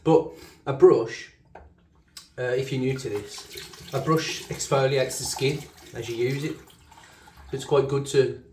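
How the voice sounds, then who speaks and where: A man with a broad Black Country accent talks casually as he shaves, rambling and correcting himself with easy laughs. His voice sits at an ordinary middle pitch. The sound bounces around a small echoey bathroom. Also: takes it slowly, long pauses, a little mellow, distant mic, a little hiss or hum. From Black Country, England. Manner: chatty, self-correcting, laughs easily. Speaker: shaving channel host. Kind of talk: casual rambling shaving commentary.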